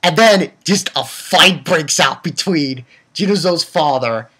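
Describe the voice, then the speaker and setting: A man giving an excitable, profane casual recap of an anime episode, with lots of restarts. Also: fairly high pitch, slow pace, breathy edge. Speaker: anime reviewer.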